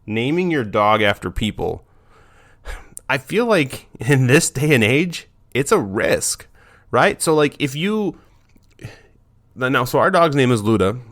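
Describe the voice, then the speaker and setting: A man's voice: mid-range voice, sing-song, slow pace, pauses often, fairly bright tone. A man hosting a dog training podcast, talking in a loose, chatty monologue with many fillers and restarts.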